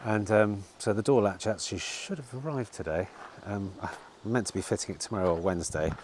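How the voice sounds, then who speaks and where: Low-voiced car dealer guy rambling on casually outdoors, bit of faint noise behind. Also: a little fast. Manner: chatty, rambling, swears casually. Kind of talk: casual vlog chat to camera. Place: outdoors in bright sun at a car lot.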